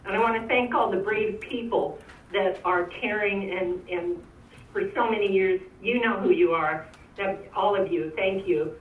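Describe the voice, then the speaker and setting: A woman's voice: mid-range voice, a little slow. A woman giving an emotional, pleading public comment at a meeting. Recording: phone-like, echoey, far from mic.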